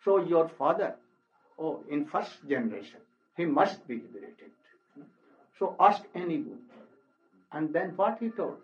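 A man, telling a sacred story as a sermon in a halting, exclamatory way, often breaking in with "oh". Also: fairly high pitch, lively intonation. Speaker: spiritual teacher. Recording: dull lo-fi recording.

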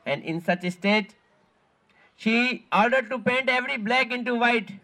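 A man with a very high, pushed and bright voice gives an earnest devotional talk while guiding visitors at pilgrimage sites. Speaking at a moderate pace, he often repeats himself and searches for words.

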